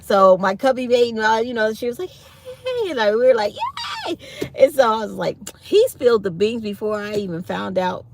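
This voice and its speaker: A woman's voice: mid-range voice, a little fast, hardly any pauses, a little hiss or hum. A woman, hosting a casual morning chat for her channel and telling stories with acted-out quotes. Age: 50s. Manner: animated storytelling with acted-out quotes. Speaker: channel host. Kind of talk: casual chat to live viewers.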